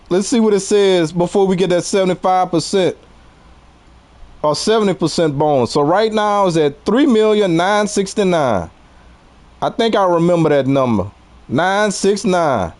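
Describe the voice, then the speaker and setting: Talking to viewers as he plays, a Southern man from Louisiana in his forties stays laid-back and laughs a lot. He has a high, animated, slightly mellow voice and speaks at normal speed.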